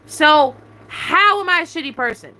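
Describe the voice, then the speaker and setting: Ranting straight into the mic on a live stream, a young woman YouTuber swears heavily and confrontationally repeats her demands. Her high, sharp-edged, expressive voice swings widely in pitch as her anger rises and falls, at a normal speed. A faint hiss runs under the rough recording.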